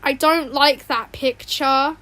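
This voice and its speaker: A fan hums behind this woman as she streams from her home bedroom, drawing and chatting in a rambling, giggly way with frequent apologies. Her high voice has a sharp tone, fairly even intonation, and an unhurried pace.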